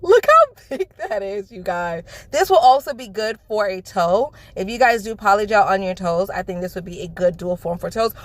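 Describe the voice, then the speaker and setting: A woman from the Bronx, loudly and gushingly unboxing a nail kit in a sing-songy voice. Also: mid-range voice, moderate pace, hardly any pauses, no room sound. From the Bronx, New York. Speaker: nail beauty vlogger. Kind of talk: excited product unboxing.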